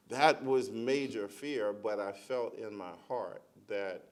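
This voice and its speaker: A middle-aged man on a conference panel, a school principal telling a lively personal story and acting out the voices of the people in it. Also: lowish voice, slow. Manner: animated storyteller, acts out quoted voices.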